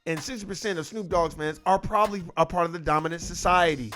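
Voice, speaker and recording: A man's voice: on the high side, fast, fairly bright tone, faint music behind. A man giving casual opinion commentary, emphatic, profane and repetitive. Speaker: online commentator.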